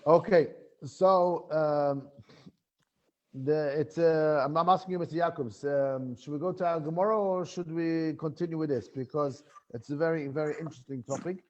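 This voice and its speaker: A man's voice: a little high, normal speed, lo-fi sound. Chuckling, questioning male Gemara teacher. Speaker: Torah teacher. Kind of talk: online Gemara class.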